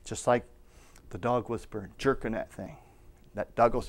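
A man's voice: medium pitch, normal speed, pauses often. A man preaching a Bible school class, exhorting his listeners, calling for amens and reading scripture aloud. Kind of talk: sermon.

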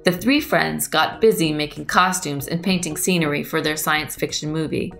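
A woman reads a story aloud to young children and then walks them through a craft, gentle and patient. Her voice is lowish with a gravelly edge. Soft music plays faintly behind her. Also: moderate pace. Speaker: museum storyteller and craft presenter.

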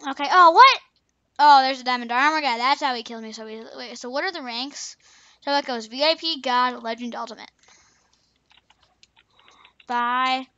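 Young female gamer, high bright voice, playful chatter, dry lo-fi home mic. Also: normal speed, long pauses, dry recording. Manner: playful, chatty, repeats taunts at other players. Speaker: gaming channel host. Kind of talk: casual gameplay commentary.

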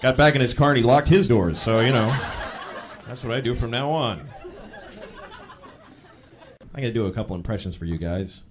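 A man performing a stand-up comedy routine, telling exasperated stories and bursting into shouted acted-out lines. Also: mid-range voice, moderate pace, pauses often. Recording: live club with laughing crowd.

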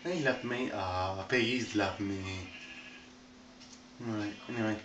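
Man narrating a casual game tour, slow and rambling, recorded on a distant, echoey phone mic. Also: lowish voice, fairly bright tone, a little hiss or hum. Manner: rambling, chatty, talks to animals in a playful sing-song. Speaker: video game tour guide.

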